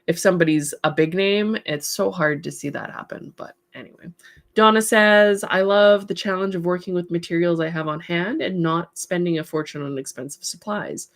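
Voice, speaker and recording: A woman's voice: on the low side, normal speed. Woman, livestream host and artist; casual, upbeat, encouraging chat with easy laughs. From part English heritage. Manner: chatty, encouraging, laughs often. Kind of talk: casual livestream chat, reading viewer comments.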